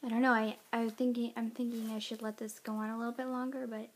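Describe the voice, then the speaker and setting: A woman's voice: on the high side, little pitch movement, fast. Chatty woman with a childlike voice. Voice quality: childlike-sounding voice. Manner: rambling, chatty, scolds pets in bursts. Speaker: pet owner vlogger. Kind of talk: casual pet vlog chat.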